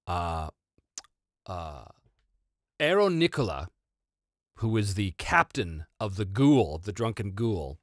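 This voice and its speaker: A North American man hosts a casual Q&A, telling stories with a very lively rise and fall in his voice. He laughs often and interrupts himself as he talks, and the recording is dry and close. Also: lowish voice, no room sound. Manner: animated, laughing, self-interrupting. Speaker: host and voice actor. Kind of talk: casual livestream Q&A and storytelling.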